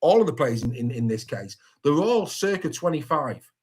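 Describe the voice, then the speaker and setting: A man hosting a sports podcast in casual chat, lively and good-humoured as he stumbles over hard names. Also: a little high, moderate pace, slightly rough. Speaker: podcast host.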